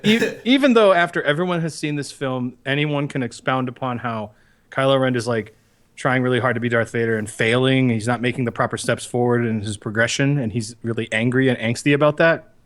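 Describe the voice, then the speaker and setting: A man co-hosting a podcast in casual chat, animated and profane, who acts out movie lines with sudden loud yelps. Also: mid-range voice, fairly quick. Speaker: podcast co-host.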